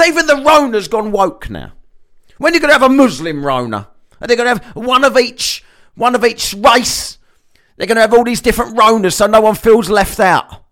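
Brit guy ranting to camera, sarcastic and swearing a lot, higher voice that swings around. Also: a bit bright. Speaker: vlogger. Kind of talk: ranting monologue.

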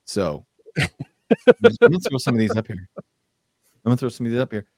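A man co-hosting a podcast in casual chat, blunt and profane, speaking with animated emphasis. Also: medium pitch, fairly quick, dry recording, studio quality. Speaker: podcast co-host.

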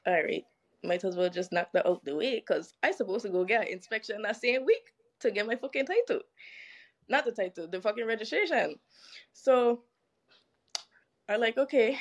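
A woman, telling a story as a guest in casual chat, animated and profane, acting out what others said. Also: mid-range voice. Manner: animated, profane, acts out quoted dialogue.

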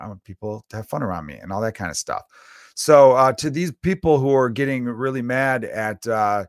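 An exasperated comedian from Chicago rants through his podcast, swearing freely and slipping into sarcastic mock voices. His voice sits on the low side, and the recording is dry with little room sound. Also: no room sound. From Chicago, United States. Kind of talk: ranting comedy podcast monologue.

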